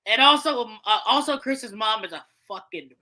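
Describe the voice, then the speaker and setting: A woman in casual chat about voice casting, blunt and profane, talking with animated energy. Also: fairly high pitch, moderate pace. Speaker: podcast co-host.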